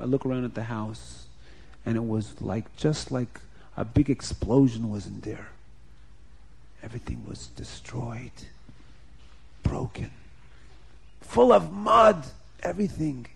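A man's voice: on the high side, gravelly, a little mellow. A man telling a story to children, speaking directly to his young listeners with playful rhyming asides.

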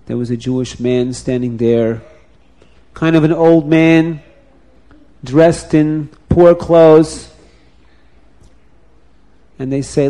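A man telling a folk tale aloud, animated and repeating phrases, now and then restarting words. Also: a little high, slow, long pauses. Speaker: storyteller.

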